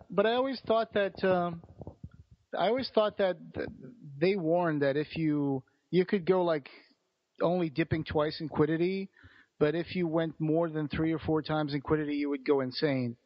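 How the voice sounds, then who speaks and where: A man's voice: a little high, a little slow. Musing man on dull lo-fi audio. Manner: muses aloud, hesitant, trailing sentences. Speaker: podcast co-host. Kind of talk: casual chat about books.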